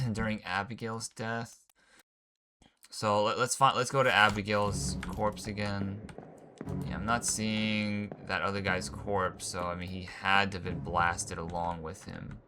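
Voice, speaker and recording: A man's voice: lowish voice, flat delivery, measured pace, bright, forceful tone, a little hiss or hum. A man giving casual gameplay commentary, thinking aloud in laid-back slang as he puzzles things out. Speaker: gaming channel host. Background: game music.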